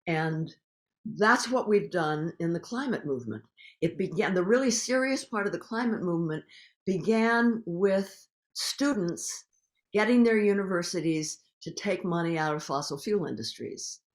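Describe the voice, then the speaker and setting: An older woman, a guest activist in a recorded public conversation, telling stories in an animated, emphatic way. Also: on the low side, moderate pace.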